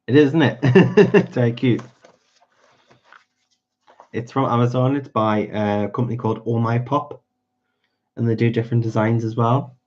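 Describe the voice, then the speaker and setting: A man's voice: medium pitch, fairly even intonation, moderate pace, long pauses, darkish tone. Chatty man on a dull stream. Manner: chatty, answers viewers by name. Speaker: livestream host. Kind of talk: casual livestream chat while colouring.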